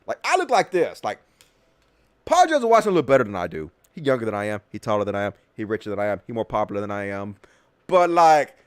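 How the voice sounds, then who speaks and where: A man's voice: on the high side, fairly bright tone, no echo, studio quality. A man hosting a political commentary show, talking in a sarcastic, mocking and profane way. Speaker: host.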